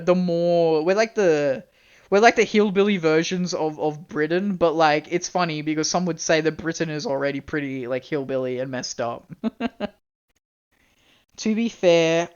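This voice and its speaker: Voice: mid-range voice, clean tone, muffled recording. A young adult Australian live streamer chatting casually and rambling, laughing often and swearing freely.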